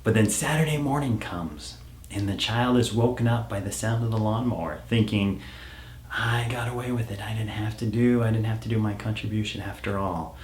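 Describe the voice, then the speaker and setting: A middle-aged man, a parenting coach, telling a family story in a calm storytelling manner and dropping to a hush when he quotes himself. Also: on the low side, moderate pace, roomy sound, slight background noise. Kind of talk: storytelling advice talk.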